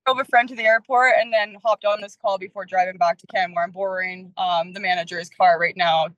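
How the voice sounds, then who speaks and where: A woman's voice: mid-range voice, steady tone, a little fast, a bit bright, dry recording, highs cut off. A woman speaking as a client on a group coaching call, sharing her setbacks openly with casual swearing.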